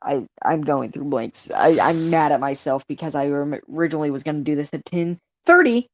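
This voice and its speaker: A woman rants at home in a casual, rambling way, full of sarcastic asides that she laughs at herself. Her voice sits slightly low. The recording is dull and lo-fi, with a dead-dry sound and no room echo. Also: expressive, fairly quick, few pauses, a little mellow. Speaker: vlog host. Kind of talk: casual ranting monologue.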